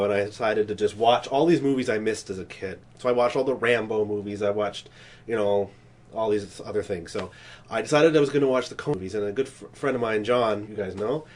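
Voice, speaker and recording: Animated male podcast storyteller. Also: on the low side, fairly quick. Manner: animated storyteller acting out scenes; rambling with restarts. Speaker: podcast co-host. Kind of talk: casual chat.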